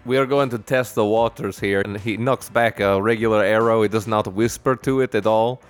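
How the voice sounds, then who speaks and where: A man's voice: lowish voice, fairly even intonation, brisk, clean tone, faint music behind. Joking man playing a tabletop game. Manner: jokey, crude humor. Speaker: player. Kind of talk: casual tabletop play.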